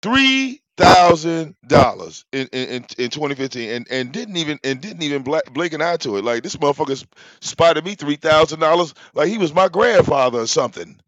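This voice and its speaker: A man, telling a story casually to his audience. He talks in an animated, profane way, often repeating words and restarting his sentences. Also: a little high, brisk, no room sound, lo-fi sound. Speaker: channel host.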